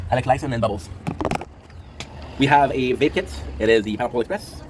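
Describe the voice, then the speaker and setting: A man's voice: medium pitch, brisk, long pauses, a little hiss or hum. A man in his thirties hosting a casual commentary show, rambling emotionally with lots of fillers and swearing. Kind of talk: casual chat to camera.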